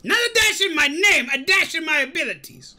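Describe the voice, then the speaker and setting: A woman voicing a grumpy middle-aged male cartoon mad scientist, shouting and ranting over gameplay. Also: very high-pitched, animated, brisk, full character voice. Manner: shouty, ranting, self-pitying. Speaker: gaming streamer. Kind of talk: gameplay commentary in character.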